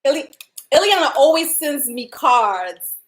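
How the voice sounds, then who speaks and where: Woman w running a livestream giveaway, casual and laughy, kinda high voice. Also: big pitch swings, a little slow. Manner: chatty, laughs often, reads out viewer comments.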